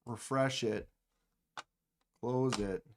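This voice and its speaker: A man with a mid-range, slightly mellow voice hosts a giveaway stream, reading out viewer comments and muttering as he clicks around his screen. He speaks very slowly with fairly even intonation, over a little hiss or hum.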